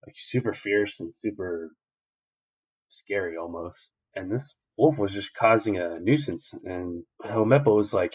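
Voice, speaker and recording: A man's voice: on the low side, a little slow, darkish tone, husky, muffled recording. A man co-hosting a podcast, recapping a show in loose, profane casual chat full of fillers. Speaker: podcast co-host.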